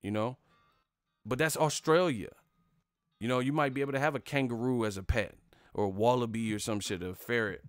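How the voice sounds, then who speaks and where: A man's voice: medium pitch, fairly quick, dry recording, soft background music. Profane, rambling man on a live stream. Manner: profane, rambling, laughs at himself. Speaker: boxing commentary host. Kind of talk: casual live-stream rant.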